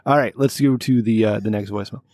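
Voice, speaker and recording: A man's voice: on the low side, fast talker, darkish tone, no room sound, clean studio sound. A man hosting a casual comedic podcast who jokes and laughs often. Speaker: podcast host.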